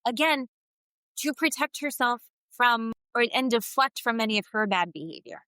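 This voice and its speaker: A woman's voice: fairly high pitch, clear, resonant tone, dry recording, low-quality recording. A woman co-hosting a podcast, chatting casually and opinionated about reality TV. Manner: opinionated, fast, animated retellings. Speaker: podcast co-host. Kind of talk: casual chat recapping reality TV.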